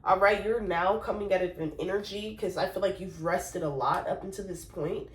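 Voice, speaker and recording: A woman's voice: mid-range voice, moderate pace, distant mic. Woman, tarot reader, casual rambling delivery, sung outbursts, echoey room, sits back from the mic. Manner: chatty, rambling, bursts into sung exclamations. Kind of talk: casual spiritual tarot reading.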